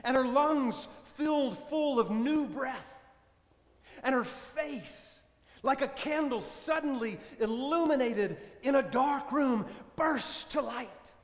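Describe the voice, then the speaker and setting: High-voiced priest preaching in echoey church. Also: male voice. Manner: slow, measured storytelling with soft dramatic drops. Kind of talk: sermon told as a story. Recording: echoey church with long reverb.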